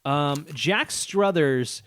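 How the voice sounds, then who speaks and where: A man's voice: on the high side, expressive, drawn-out words, a bit bright. A man co-hosting a podcast in casual chat, laughing often as he reads a plot summary aloud and adds asides. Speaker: podcast co-host. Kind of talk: casual movie-recap chat.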